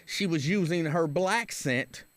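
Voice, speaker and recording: A middle-aged man hosts a talk radio show, reading listener comments aloud and giving his own opinions. He speaks casually and restarts sentences often. His voice sits a little high for a man, and the studio recording is dry and close. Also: slow pace, fairly bright tone, no room sound. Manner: conversational, opinionated, with frequent restarts.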